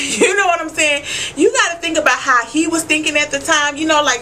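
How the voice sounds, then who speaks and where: A high-pitched woman with a bright, sharp tone recapping a TV episode for her viewers. She is animated and slangy, and swears freely as she talks straight to the camera. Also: fairly quick, slight background noise, low-quality recording. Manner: loud asides and frequent swearing. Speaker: vlogger.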